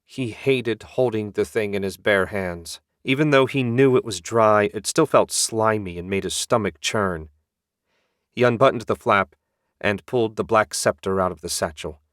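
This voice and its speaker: A man narrating a fantasy audiobook in a measured, even storytelling manner. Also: lowish voice, dry recording, studio quality.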